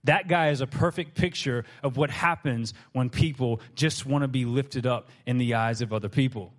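A man preaching a sermon to his congregation, telling stories with lively acted-out quotes. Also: medium pitch. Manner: animated storytelling, acts out quoted voices. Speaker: pastor.

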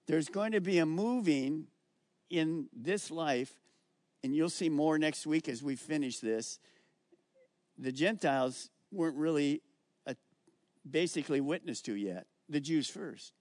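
A middle-aged male pastor preaching a sermon, emphatic and slowing down on key words as he reads scripture aloud. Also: on the high side, a little mellow, no room sound, studio quality.

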